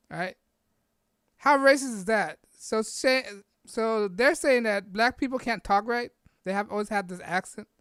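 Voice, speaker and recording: Combative woman podcast host, higher pitch, repeats points and tags them with "right?"; dry, close mic. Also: a bit bright, smooth, no room sound. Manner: rambling, caps nearly every point with a questioning "right?" or "all right?"; blunt and combative, repeats herself. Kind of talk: opinionated political rant monologue.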